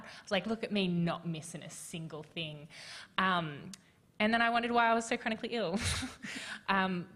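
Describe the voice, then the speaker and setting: A woman's voice: low-pitched, fairly bright tone. A woman, speaking frankly and emotionally as an author on a festival panel, with many fillers. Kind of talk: candid conversational panel talk.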